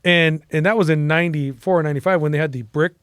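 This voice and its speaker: American guy telling stories in an interview, cussing a lot, acts out the quotes, voice a bit high, dry close sound. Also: fast talker, clean tone, dry recording. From United States. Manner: animated, profane, acts out quotes. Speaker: interview guest. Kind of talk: casual storytelling interview.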